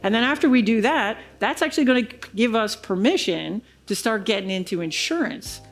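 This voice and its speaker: Woman telling a lively keynote story. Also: a little high, brisk, soft background music. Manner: animated storyteller acting out quoted dialogue. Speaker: keynote speaker. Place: large conference hall stage.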